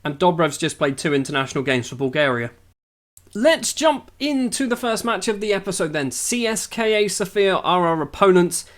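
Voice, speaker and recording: A man's voice: high-pitched, big pitch swings, moderate pace. A young man casually talking through his football management game, dry and sarcastic. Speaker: gaming YouTuber.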